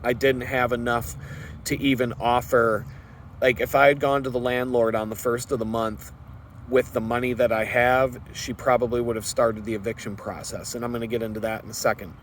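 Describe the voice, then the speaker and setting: A man's voice: medium pitch, level tone, brisk, fairly bright tone, slight background noise. A man vlogging a personal story in an earnest, rambling way, with fillers and restarts.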